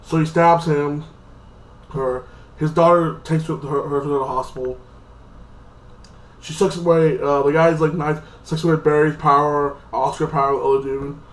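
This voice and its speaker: Casual male reviewer, slightly high voice, rambling delivery, echoey room. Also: steady tone, moderate pace. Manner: rambling, loose, many fillers and restarts. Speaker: TV episode reviewer.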